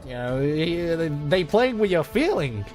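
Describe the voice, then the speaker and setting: A man streaming a game, talking in a rambling, excitable way and swearing freely as he chats. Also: a little high, measured pace, soft background music. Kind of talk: casual gaming livestream chat.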